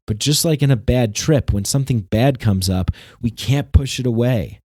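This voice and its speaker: A man's voice: medium pitch, moderate pace, hardly any pauses, a little mellow, dry recording, clean studio sound. A man hosting a podcast, talking alone in a long sarcastic, ranting monologue that is full of swearing. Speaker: podcast host. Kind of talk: solo monologue.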